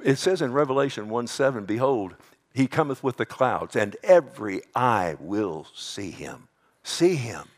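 A middle-aged man preaching a sermon as pastor, animated, jumping up to a high mocking voice when he quotes scoffers. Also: unhurried.

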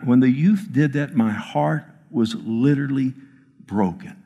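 A male pastor tells a personal story in a sermon, earnest and emphatic, often halting and restarting. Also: medium pitch, mellow, lo-fi sound. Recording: long reverb of a large hall.

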